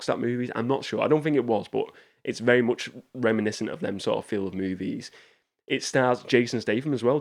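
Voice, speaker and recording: A man chatting casually about movies as a channel host, in a rambling, talkative way. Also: on the low side. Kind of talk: casual movie review talk.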